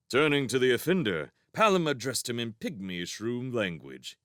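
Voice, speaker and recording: A man reading a children's fantasy novel aloud as narrator, in an expressive storybook style. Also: mid-range voice, moderate pace, few pauses, no room sound, studio quality. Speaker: fan audiobook reader.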